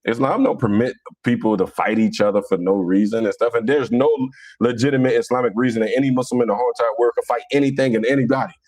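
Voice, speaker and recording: Blunt streetwise man talking fast. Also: medium pitch, fairly even intonation, darkish tone. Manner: streetwise, boastful, blunt slang. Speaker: speaker on religion. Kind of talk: casual monologue.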